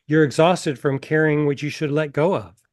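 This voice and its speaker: Male author voicing wise, gentle woman mentor, slow and soft, dry close sound. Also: fairly high pitch, steady tone, no echo, close to an everyday voice. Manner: slow, soft, deliberate reading.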